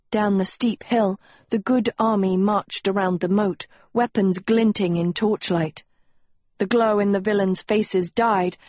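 A woman narrating an audiobook in a deliberate, expressive storytelling manner. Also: mid-range voice, slightly rough, no echo.

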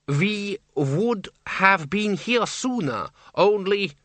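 A bossy middle-aged woman playing at vampire countess, voiced by a man in a raised, bright voice. She puts on genteel airs but turns snappish. The sound is close and dry. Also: high-pitched, lively intonation, drawn-out words, dry recording, voice pushed up, heavily acted. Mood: haughty.

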